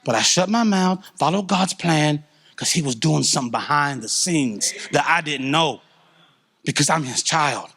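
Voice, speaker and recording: A middle-aged man giving a candid, conversational testimony at a church service, telling his story with animated feeling. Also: fairly high pitch, moderate pace.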